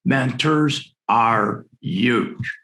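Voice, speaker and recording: Man, 60s, gravelly, exclamatory storyteller, speaker on a virtual summit. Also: medium pitch, very slow, bright, forceful tone. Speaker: dental lecturer. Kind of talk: conference presentation. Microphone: video call.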